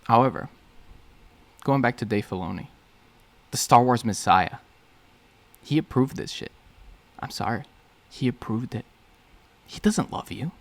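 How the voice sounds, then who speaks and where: A man's voice: mid-range voice, unhurried, long pauses. A man ranting profanely as an online commentator, swearing heavily and leaning on "bro" and "like". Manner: heavy swearing, lots of "bro" and "like".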